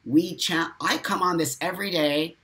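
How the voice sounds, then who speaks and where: A man's voice: on the high side, moderate pace, bright, forceful tone. Blunt, profane middle-aged man hosting. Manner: emphatic, blunt, swears freely, laughs often. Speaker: host. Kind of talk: casual livestream chat reading viewer comments.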